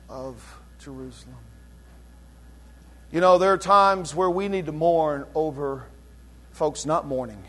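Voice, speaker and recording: A man preaching a sermon as pastor, dropping to low, slow lines and then surging into loud, quick bursts with drawn-out emphasis.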